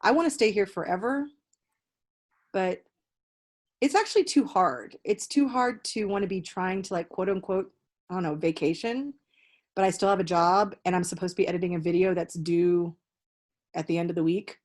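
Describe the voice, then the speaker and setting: A young woman hosting a podcast in casual chat, an animated storyteller who swears freely. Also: fairly low pitch, normal speed, long pauses. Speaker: podcast host.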